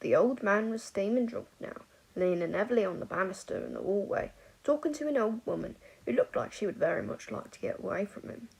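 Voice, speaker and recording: A woman narrating a fan fiction story aloud in an expressive audiobook style. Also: medium pitch, brisk, creaky, slightly rough, rough recording. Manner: expressive, voices each character.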